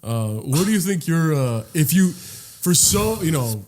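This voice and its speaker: A man's voice: a little high, sing-song, unhurried, a little mellow, slight background noise. A man co-hosting a comedy podcast, joking and bantering with casual swearing. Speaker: podcast co-host.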